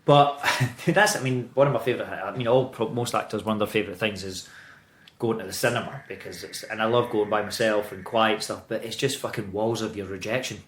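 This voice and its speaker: A Scottish actor in his thirties chatting as a podcast guest, animated and swearing freely as he tells stories. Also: on the low side, fairly quick, roomy sound, slight background noise. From Scotland. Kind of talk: casual interview chat.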